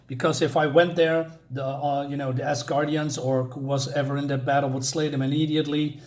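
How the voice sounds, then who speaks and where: An ancient troll guardian in armor, weary and worn by centuries, read out by a man. The lines come in an everyday, slightly high voice. They are read plainly, with small halting restarts. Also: little pitch movement, lightly acted.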